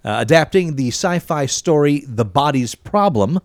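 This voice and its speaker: Chatty male podcast co-host reading news, swinging pitch, dry close mic. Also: expressive, moderate pace, dry recording. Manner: chatty, laughs between lines, swears casually.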